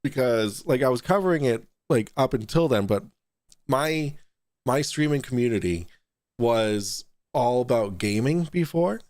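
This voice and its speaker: A man hosting a casual online talk show, rambling and restarting sentences, quick to laugh. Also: mid-range voice, expressive, darkish tone, dry recording. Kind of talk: casual podcast chat.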